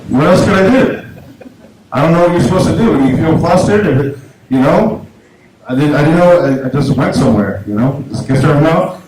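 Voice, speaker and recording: A man's voice: fairly high pitch, lively intonation. A man performing a stand-up comedy set in a small club, self-deprecating, with lots of stumbles and restarts. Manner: halting, self-deprecating delivery with many restarts. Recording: echoey club room, audible noise, poor sound.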